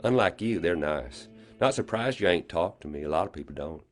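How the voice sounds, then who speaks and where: A man voicing a slow, confident country schoolgirl with a rural Southern accent, sly and teasing. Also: low-pitched, expressive, soft background music. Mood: taunting. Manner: drawling, teasing, quietly menacing.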